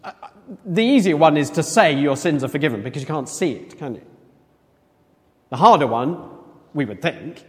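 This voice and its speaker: A man preaching a sermon in a conversational, animated way, acting out quoted voices. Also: a little high, moderate pace, long pauses. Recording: long echo of a large hall.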